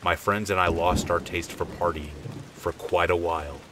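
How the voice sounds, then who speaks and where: Deep-voiced man telling a scary story. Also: fairly even intonation, moderate pace, noisy background. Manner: casual, conversational storytelling. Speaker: horror story narrator. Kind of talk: first-person scary story narration.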